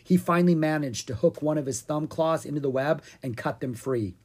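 Expressive, husky storybook reader. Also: medium pitch, a little fast. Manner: animated, expressive. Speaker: audiobook reader. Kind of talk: storybook narration.

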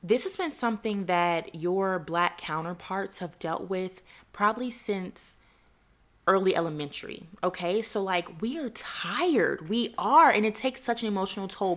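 A young adult woman from the United States hosts a faith podcast in a fairly low voice. She talks earnestly and emotionally, close to tears, and calls her listeners y'all. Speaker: podcast host. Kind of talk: heartfelt faith podcast monologue.

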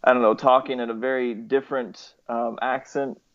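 A man's voice: mid-range voice, level tone, moderate pace. A young man from the southeastern United States, chatting casually and hesitantly with lots of fillers. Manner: hesitant, many fillers and restarts, chuckles often. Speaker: interviewee, nurse. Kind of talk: casual chat. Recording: slightly muffled lo-fi recording.

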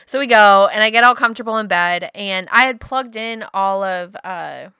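A woman's voice: mid-range voice, moderate pace, sharp tone, clean tone, no room sound, studio quality. A young woman co-hosting a casual chat, telling a story and laughing often as she talks.

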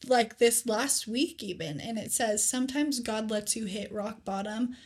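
A young woman co-hosting a faith podcast, telling scripture stories in an earnest, animated casual way with lots of "like.". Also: fairly high pitch, a little slow, breathy edge. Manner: earnest, animated storytelling with many "like"s. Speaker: podcast co-host.

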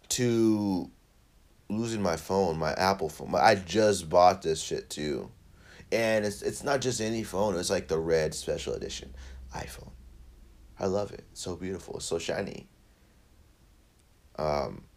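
A man's voice: mid-range voice, a little mellow. A young man from Northern California's Central Valley, hosting a podcast and telling a rambling, profane story in casual chat. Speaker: podcast host.

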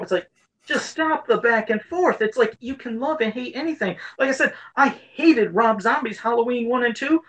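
A man's voice: extremely high pitch, brisk, dull audio. A man co-hosting a casual podcast chat, talking in an earnest, rambling way that circles back on itself. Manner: rambling, earnest, repeats himself. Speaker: podcast co-host.

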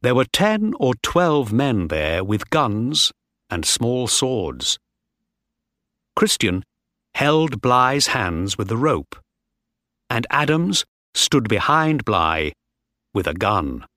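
A man reading a story aloud clearly and slowly, as in a graded-reader audiobook. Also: medium pitch, big pitch swings, bright, forceful tone, no room sound, clean studio sound.

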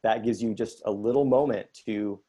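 A middle-aged man speaks as a therapist leading an online workshop. His voice sits a little low, and his delivery is calm, measured and explanatory. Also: breathy edge.

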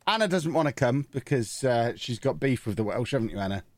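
A man's voice: medium pitch, lively intonation, brisk, a little hiss or hum. A man hosting a podcast, chatting casually with teasing, wry banter. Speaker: podcast host. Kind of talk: casual chat.

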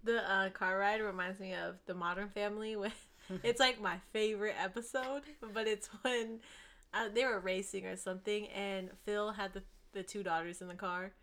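A woman's voice: medium pitch, fairly even intonation, a bit bright. A young woman in casual chat, joking and teasing her friends. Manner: playful, joking, quick to laugh.

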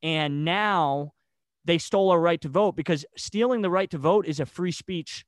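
A man's voice: fairly high pitch, moderate pace, no echo. A man ranting heatedly in a casual chat, stammering and restarting his sentences. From United States. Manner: agitated and rambling, with stammered restarts.

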